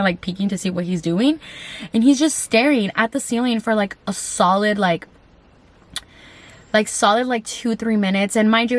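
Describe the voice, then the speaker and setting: A woman casually telling viewers a scary personal story in a vlog, full of "like" fillers and swearing. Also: medium pitch. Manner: chatty, heavy on "like" fillers and swearing; animated, talks straight to viewers.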